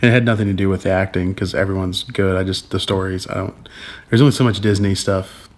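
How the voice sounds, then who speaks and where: A man's voice: sits low, fairly even intonation, quick pace. A man co-hosting a casual home vlog with an accent-neutral voice, rambling with ums and restarts and chuckling as he talks. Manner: rambling, laughs while talking, frequent ums and restarts; keeps voice down so as not to wake a baby. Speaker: vlog co-host. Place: home at night.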